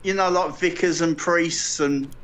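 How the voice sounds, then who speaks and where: A man's voice: on the high side, steady tone, unhurried, fairly bright tone. A man in casual podcast chat, talking in a chatty way and stumbling and breaking off mid-sentence. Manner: chatty, stumbling, self-interrupting.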